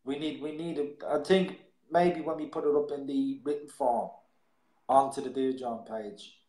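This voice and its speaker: A man's voice: mid-range voice, steady tone, moderate pace, dark tone. A man hosts a live poetry show, talking casually and at length. He rambles, stumbling over and repeating his words as he goes. The sound is roomy, with a noticeable echo. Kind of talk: casual live-stream chat.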